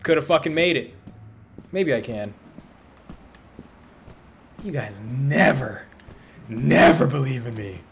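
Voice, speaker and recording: A man swearing loudly and bantering as he plays a game with friends, yelping when startled. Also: mid-range voice, animated, takes it slowly, gravelly, pauses often, slight background noise. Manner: loud, swearing, jumps into yelps when startled. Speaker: gamer streaming with friends. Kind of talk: casual gaming banter.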